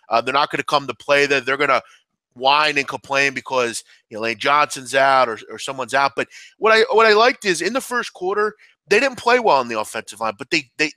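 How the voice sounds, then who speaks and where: Bright, dry-voiced sports analyst. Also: male voice, fairly high pitch, no echo. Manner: talkative, fills with "I mean". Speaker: sports bettor.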